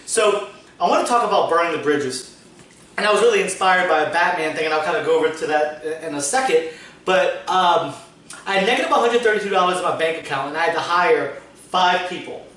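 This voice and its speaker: Fairly quick and fairly bright, a man's slightly high voice carries a casual storytelling chat on the business podcast he hosts as a business owner; his long tales are full of "like" fillers and the odd swear. Echo, a distant mic, and faint noise mark the recording.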